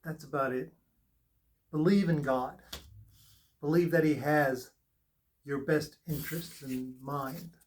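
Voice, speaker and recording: A man reads tarot cards in a spiritual session, speaking slowly and earnestly. His voice sits a little high for a man. He keeps repeating short, reassuring phrases. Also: steady tone, a little hiss or hum. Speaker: tarot reader.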